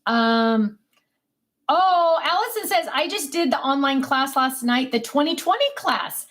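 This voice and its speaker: Woman, middle-aged, slightly high voice, casual livestream chat, rambling, home office. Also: lively intonation, measured pace, a bit bright. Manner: chatty and rambling, with many ums and restarts; calls out to her dogs in a high sing-song voice. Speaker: livestream host of a craft channel. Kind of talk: casual live chat reading viewer comments.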